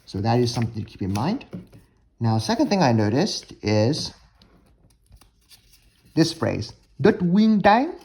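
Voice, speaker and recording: A man's voice: medium pitch, sing-song, measured pace, creaky, long pauses, darkish tone, breathy edge. Young man, casual language lesson, chatty, lots of fillers and restarts, mid-range voice. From United States. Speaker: language learning vlogger.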